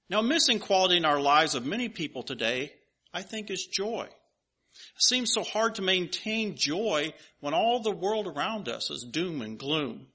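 A man's voice: high voice, bright, forceful tone. A man preaching a sermon and reading scripture aloud, emphatic and asking rhetorical questions at an uneven pace.

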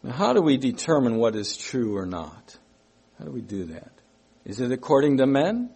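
A man preaching a sermon, slow and emphatic, repeating his key phrases as he works through a Bible verse. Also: mid-range voice, very animated, a little mellow, slightly rough.

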